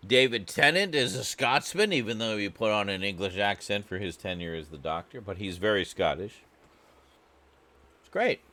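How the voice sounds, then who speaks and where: A man's voice: fairly low pitch, animated, normal speed, pushed and bright. A man from Canada chatting casually and joking as he reacts to a clip, rambling and laughing often. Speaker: reaction video host.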